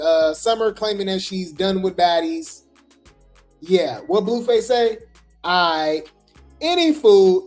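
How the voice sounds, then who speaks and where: Woman, gossip host, casual commentary, sassy, talks to viewers, soft music underneath. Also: a little high. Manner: chatty, sassy, addresses viewers as y'all.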